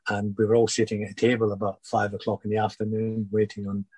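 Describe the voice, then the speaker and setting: An older former footballer, husky-voiced, recalling his career in a halting interview chat full of restarts. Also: on the low side, completely flat delivery, warm tone, dry recording, poor audio. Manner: halting, many restarts and repeated words.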